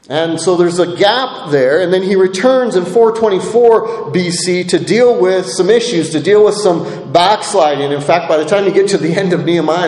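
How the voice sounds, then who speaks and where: A man's voice: high-pitched, a little mellow. A pastor giving a sermon, earnest and restating his points for emphasis. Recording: echoey hall with long reverb.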